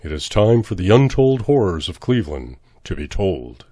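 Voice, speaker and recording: Male horror narrator, low, measured, dramatic, dry close recording. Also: big pitch swings, warm tone, no room sound. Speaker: storyteller.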